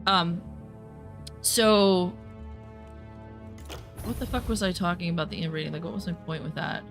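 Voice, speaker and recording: Woman, young adult, slightly low pitch, profane sarcastic storyteller, streaming chat, soft background music. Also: moderate pace, vocal fry. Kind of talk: casual chat while gaming.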